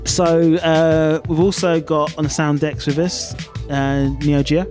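A man's voice: fairly high pitch, flat delivery, slow pace, music in the background. Chatty upbeat male podcast host. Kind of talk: casual podcast chat.

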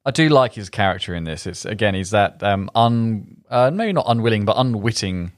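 A man's voice: on the low side, animated, moderate pace, no room sound, studio quality. A man talking enthusiastically about a film with friends, laughing easily. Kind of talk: casual film chat.

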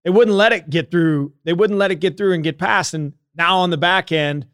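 A man with a slightly high voice who rambles in a heated way, full of "you know" fillers and swear words. The sound is dry and close to the mic. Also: normal speed, fairly bright tone, clean tone, no room sound. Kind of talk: casual political chat.

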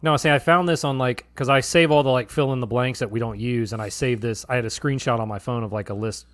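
A man's voice: medium pitch, fairly even intonation, fast talker, a bit bright, dry recording. A man filling in as podcast co-host, making dry, wry jokes in casual chat.

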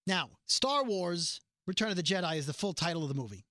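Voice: mid-range voice, a little fast, no room sound, clean studio sound. A podcast host recapping a TV episode in casual chat, acting out the characters' lines as they go. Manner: animated retelling, acts out quoted lines.

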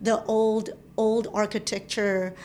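A woman in her thirties telling a personal story in casual chat, animated, acting out the voices of people she quotes. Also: medium pitch, takes it slowly, a little hiss or hum. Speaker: interview guest. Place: San Francisco.

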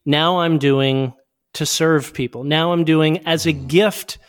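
Male podcast guest, slightly high voice, quick reflective talker. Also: fairly even intonation. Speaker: podcast guest, youth speaker. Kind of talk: casual interview chat.

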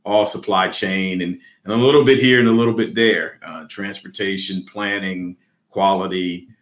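A male guest on a panel with a very low voice. He speaks in a friendly, measured way about his work. His answers are calm and steady. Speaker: guest, logistics executive. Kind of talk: panel interview.

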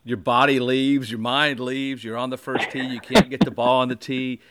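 A man's voice: mid-range voice, moderate pace, a crowd in the background. A man hosting a podcast, telling a long story in casual chat, acting out other people's lines with many restarts. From American Midwest. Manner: animated storyteller, acts out quotes, frequent restarts. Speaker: podcast host.

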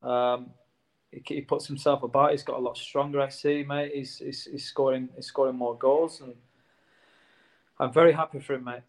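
A man's voice: mid-range voice, level tone, normal speed. Earnest man saying "mate". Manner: earnest, says "mate" a lot. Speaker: former footballer guest. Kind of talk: casual interview chat.

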